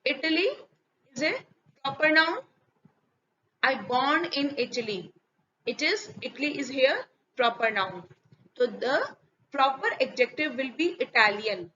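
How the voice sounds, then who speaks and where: Bright high-voiced Indian teacher. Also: female voice, expressive. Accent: Indian English, switching into Hindi. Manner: explains slowly, repeats examples, asks and answers her own questions. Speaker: school English teacher. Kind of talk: recorded grammar lesson. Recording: slightly dull, faint background hiss.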